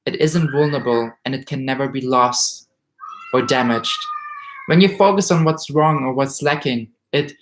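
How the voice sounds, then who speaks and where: A man's voice: mid-range voice, moderate pace. Emotional man doing a tarot reading. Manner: emotional, excited, reads card meanings aloud. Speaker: tarot reader. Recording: roomy echo.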